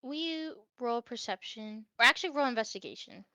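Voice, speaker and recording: A woman's voice: on the high side, lively intonation, fairly quick, sharp tone, no room sound, muffled recording. A woman narrating as game master of a tabletop game, with many ums and uhs. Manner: hesitant, filler-heavy narration.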